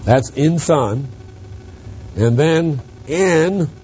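A man preaching an expository Bible lesson, emphatic, rising on stressed words and dropping quiet on asides. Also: fairly high pitch, expressive, drawn-out words, lo-fi sound, slight background noise. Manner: emphatic, swings from loud stresses to quiet drops.

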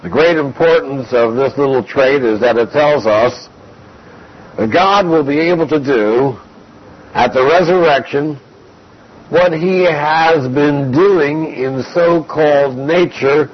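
A man preaching an expository Bible lesson, slow and deliberate, reading scripture aloud between explanations. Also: a little high, husky. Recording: dull lo-fi recording.

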